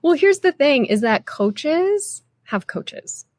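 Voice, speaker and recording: A woman's voice: high-pitched, very animated, slow, darkish tone, no room sound. A woman in her thirties, a nutrition coach, talking chattily as a podcast guest with lots of "like" and "you know". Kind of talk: conversational interview.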